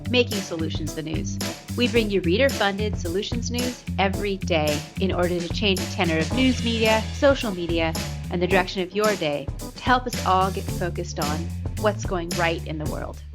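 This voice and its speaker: A woman co-hosting a podcast in casual chat, animated and quick to restart her sentences. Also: on the low side, loud music behind the voice. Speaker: podcast co-host.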